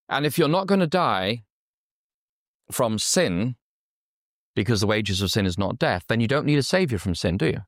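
A man's voice: mid-range voice, no echo, clean studio sound. A man from Yorkshire preaching a conversational sermon who keeps asking his listeners questions. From Yorkshire, England. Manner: conversational, asks the audience questions. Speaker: pastor.

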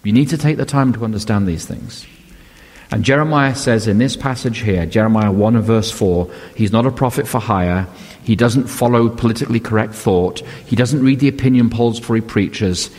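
A man's voice: lowish voice, normal speed, darkish tone. An older man preaching a sermon as a pastor, telling stories and asking rhetorical questions in a conversational way. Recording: long hall reverb.

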